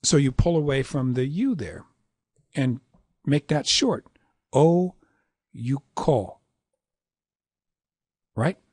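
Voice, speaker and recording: A middle-aged man lecturing on poetic meter, reciting verse lines and tapping out syllable rhythms in a relaxed, conversational way. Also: mid-range voice, unhurried, no echo, studio quality. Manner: relaxed, conversational asides with fillers.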